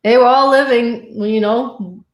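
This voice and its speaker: A woman's voice: fairly high pitch, fairly even intonation, unhurried, echoey room. A woman in a casual conversation, talking in a comforting way and often adding "you know".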